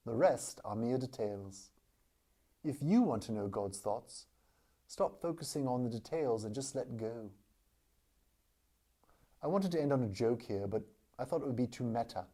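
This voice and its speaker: A man giving a parody of a spiritual teaching, delivered with mock-solemn earnestness and long pauses. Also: medium pitch, mellow.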